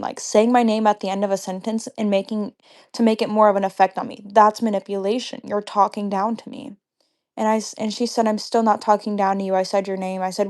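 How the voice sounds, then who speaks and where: A woman's voice: mid-range voice, darkish tone. Young woman livestreamer, casual storytime rant, heated and profane. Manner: heated, profane, talks fast when angry.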